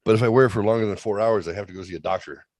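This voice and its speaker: A man's voice: fairly low pitch, very fast, darkish tone, dry recording. A man co-hosting a comedy show over a remote call, telling a bawdy story and acting out the other people's lines with playful relish. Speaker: co-host. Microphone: remote video call.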